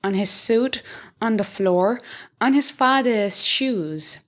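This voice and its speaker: Slow, clear woman narrating a story. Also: medium pitch. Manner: clear, deliberate reading. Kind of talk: slow scripted narration of a graded learner story.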